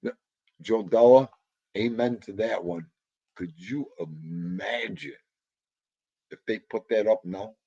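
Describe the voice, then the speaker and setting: A man hosting a casual livestream, chatting to viewers and reading their comments in a rambling, animated way, with sudden loud exclamations. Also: on the low side, slow pace, pauses often, husky, no room sound, highs cut off.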